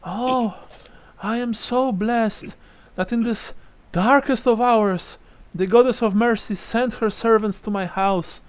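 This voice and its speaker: A man's voice: sits high, slow, no room sound, pitched above the performer's own voice. A man voicing a frail, wounded old widow who is sweet and effusive, sighing "oh" often. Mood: grateful. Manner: breathy exclaiming "oh"s, sweet and effusive.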